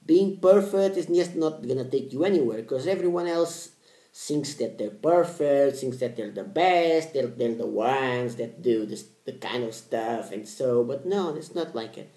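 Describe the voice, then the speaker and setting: A man's voice: medium pitch, lively intonation, a little slow, mellow. Blunt, roomy-sounding young man vlogger. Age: 20s. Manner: repetitive, blunt, swears casually. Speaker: polyglot language vlogger. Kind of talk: casual motivational talk to camera.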